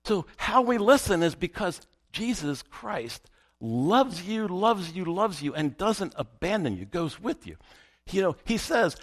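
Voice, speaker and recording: A man's voice: sits high, big pitch swings, unhurried. A man preaching a sermon as pastor, emphatic and repeating his key phrases for weight.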